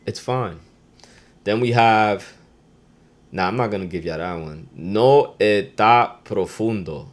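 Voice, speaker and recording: Male podcast host with a lowish voice, relaxed and slangy, who punches out each Spanish phrase with loud emphasis. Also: measured pace. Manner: laid-back street slang. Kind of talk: casual slangy lesson.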